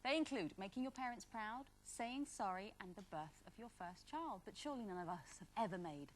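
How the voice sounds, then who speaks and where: A woman hosting a live panel chat show, giving brisk, upbeat links between segments. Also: medium pitch, animated. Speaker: talk show host. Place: TV studio. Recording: studio with loud audience noise.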